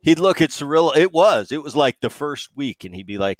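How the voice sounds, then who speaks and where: A middle-aged man hosts a relaxed sports chat, spinning clubhouse stories and slipping into quick impressions of other people. His pitch swings widely as he talks. The sound is close and dry, with no room around it. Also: no echo. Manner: animated storyteller, mimics others in quotes. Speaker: podcast host, former ballplayer. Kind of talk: casual sports podcast chat.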